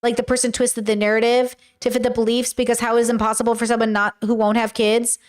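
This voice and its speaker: A woman's voice: on the high side, fast talker. A young woman hosting a livestream, chatting casually and bluntly with viewers as she reads their messages. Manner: animated, blunt, talks straight to viewers. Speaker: livestream host reading chat. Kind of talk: casual chat. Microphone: webcam or desk mic on a livestream.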